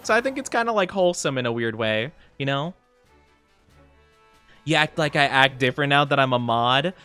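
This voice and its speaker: A giggly male streamer chats casually with his viewers, his pitch bouncing a lot as he talks. His tone is bright, and faint game music plays behind him. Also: lively intonation, moderate pace, clear, resonant tone. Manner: giggly, chatty, reads chat aloud. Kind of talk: casual live-stream chat.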